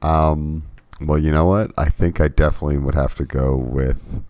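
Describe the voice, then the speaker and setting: Male podcast co-host, extremely deep voice, relaxed wry chat, dry close sound. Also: normal speed, no echo. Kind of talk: casual chat.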